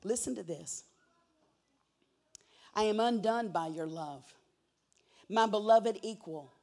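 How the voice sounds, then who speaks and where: A woman preaching a sermon, swinging from hushed whispers to loud, emphatic cries and repeating key words for emphasis. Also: mid-range voice, takes it slowly, vocal fry.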